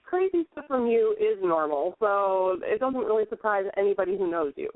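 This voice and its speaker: A woman's voice: mid-range voice, lively intonation, moderate pace, slight background noise. Giggly woman co-host on a tinny line. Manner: playful, giggly, short replies. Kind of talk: casual chat.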